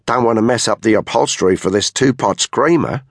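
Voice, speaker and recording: A man's voice: lowish voice, brisk, vocal fry, no echo, voice pushed up. A man voicing a tough, sardonic woman soldier with an Australian accent. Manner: dry, mocking.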